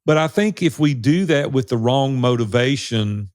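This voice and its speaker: A man's voice: medium pitch, lively intonation, normal speed, a little mellow. A middle-aged man co-hosting a podcast, talking in a blunt, direct, plain-spoken way in casual conversation. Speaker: podcast co-host.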